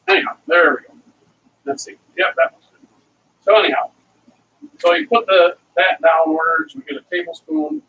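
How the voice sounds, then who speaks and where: A man's voice: sits high, sing-song, normal speed, vocal fry, pauses often, bright, forceful tone. A middle-aged man hosting a casual cooking vlog, rambling and chatty as he talks viewers through his recipes and wanders off into side stories. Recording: distant mic with faint ambient noise.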